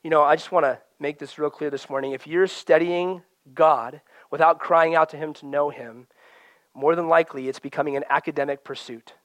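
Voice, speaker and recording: A man's voice: fairly high pitch, fairly even intonation, a little fast, no echo. A man preaching a sermon in an earnest, conversational way, often acting out quoted voices and prayers.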